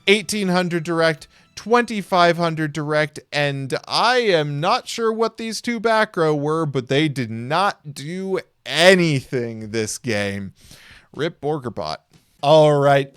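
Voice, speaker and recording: A young man giving playful, jokey play-by-play commentary on card game duels, with quick excited reactions. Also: on the high side, no room sound.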